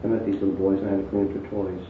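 A man's voice: low voice, little pitch movement, very fast. A man sharing a fervent personal testimony in a group discussion. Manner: fervent storyteller, quotes what the Lord said. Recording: tinny, echoey recording from far off with noise.

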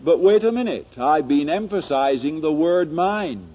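A man preaching a sermon in slow, dramatic oratory that builds to emphatic peaks. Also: a little high, expressive, husky, muffled recording.

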